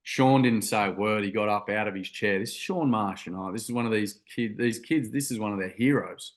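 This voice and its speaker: A young man who founded a youth workshop tells a story as an interview guest, speaking fairly quickly in a voice on the low side. He's earnest and rambling, with many ums and restarts.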